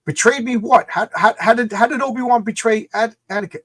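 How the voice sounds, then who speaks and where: A man in casual podcast chat, animated, acting out quoted lines in different voices. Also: very high-pitched, a little fast, few pauses, dry recording. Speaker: podcast co-host.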